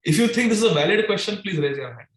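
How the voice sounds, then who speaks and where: A man's voice: high voice, very fast, roomy sound. A man giving a devotional scripture class, chanting verses and dramatically voicing sarcastic questions to his listeners. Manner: animated, dramatic, voices the gopis' sarcastic questions.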